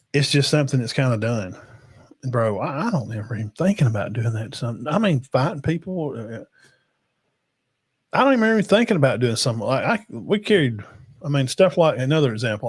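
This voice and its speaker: A man's voice: mid-range voice, breathy edge. A man hosting a casual sports livestream, rambling and emphatic as he talks to the chat and his guests. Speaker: podcast host.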